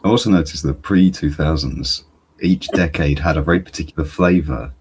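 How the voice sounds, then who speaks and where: A man's voice: a bass voice, brisk, a little mellow, a little hiss or hum. A man in a casual discussion, making laid-back, dry remarks.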